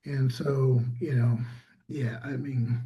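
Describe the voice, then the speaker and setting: A man's voice: medium pitch, fairly even intonation, slow pace, lo-fi sound. A man, a small business owner, telling a story in casual conversation and acting out quoted dialogue.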